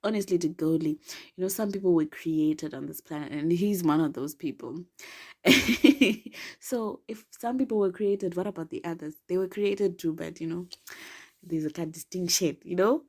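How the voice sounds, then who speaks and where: A woman's voice: fairly low pitch, moderate pace, darkish tone. A young woman from Zimbabwe hosting a podcast, telling a personal story in a playful, giggly, dramatic way that drops now and then into whispers. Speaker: podcast host. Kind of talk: casual storytelling monologue.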